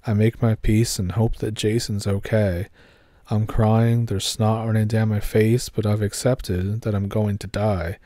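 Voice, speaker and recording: A man narrating a horror story in a steady, measured way. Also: on the low side, dry recording.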